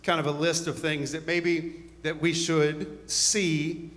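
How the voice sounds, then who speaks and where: A man's voice: a little high, flat delivery, slow pace, a bit bright, long reverb tail. A man preaching a conversational sermon to a congregation, full of joking asides and rambling stories. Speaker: pastor.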